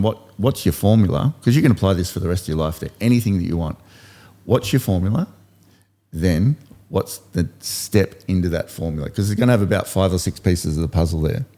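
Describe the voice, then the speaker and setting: Low and mellow, the voice belongs to a fifty-something man hosting a podcast. He coaches listeners and shares stories in relaxed motivational talk, often circling back to repeat key points.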